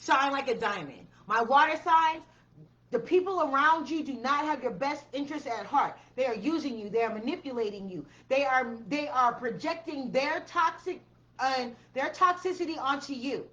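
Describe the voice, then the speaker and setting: A woman's voice: sits high, normal speed, a bit bright, highs cut off. A woman giving a blunt, profane tarot reading, repeating her commands with emphasis. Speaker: tarot reader.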